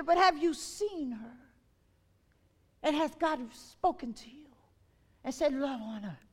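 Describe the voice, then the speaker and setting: A woman preacher delivering an impassioned sermon, her voice swelling and dropping as she calls out questions to the congregation. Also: high voice.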